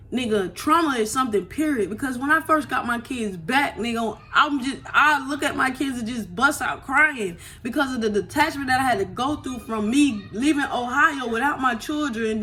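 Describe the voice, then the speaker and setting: A woman's voice: on the high side, sharp tone, slight background noise. A woman vlogger telling her story to viewers on a phone, emotional and blunt, swearing freely and often asking "you know what I'm saying".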